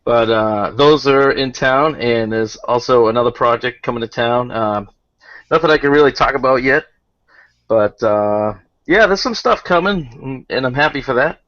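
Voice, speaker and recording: A man with a Boston accent chatting casually as a podcast guest, talking haltingly with lots of fillers. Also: mid-range voice, a bit bright, dry recording. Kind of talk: casual chat. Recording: dull dry sound, video call.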